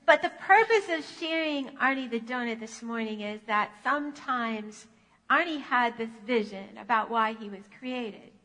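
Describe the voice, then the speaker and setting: A woman pastor telling a children's story in a church sanctuary, animated in manner. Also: on the high side, big-room sound, low-quality recording.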